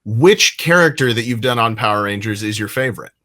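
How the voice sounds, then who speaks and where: A man hosts a fan panel over a video call, filling in background for viewers and putting questions to his guests. His voice is lowish but bright and forward. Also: lively intonation, fairly quick. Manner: explains for the audience, asks guests questions. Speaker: panel host. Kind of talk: hosting an online fan panel.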